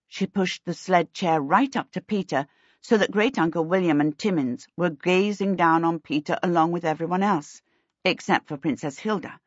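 Reading a scripted storybook narration, this female audiobook narrator keeps a calm, even delivery in a voice on the low side. There is no room sound, and the recording comes across slightly dull and dry.

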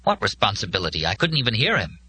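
A weary, shaken young man in deep despair, as a male narrator plays him, talking low and with a dark, heavy tone. He sounds shaky and worn out. It comes across as a character voice in a spoken audiobook. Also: huge pitch swings, quick pace, slight background noise, exaggerated voice.

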